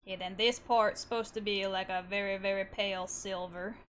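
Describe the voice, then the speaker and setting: A woman's voice: mid-range voice, fairly even intonation, brisk, fairly bright tone, a little hiss or hum. A young woman from southern Canada, chatting while drawing on stream in a put-on Southern US accent, playful and teasing. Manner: playful, teasing, bursts of silly sing-song noises. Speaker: art streamer. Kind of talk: casual chat while drawing.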